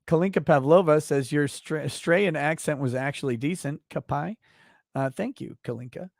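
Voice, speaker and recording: A man's voice: on the high side, normal speed, vocal fry, darkish tone, no echo, studio quality. A man hosting a casual livestream, reading viewer messages aloud and giving blunt, profane, offhand replies. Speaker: livestream host.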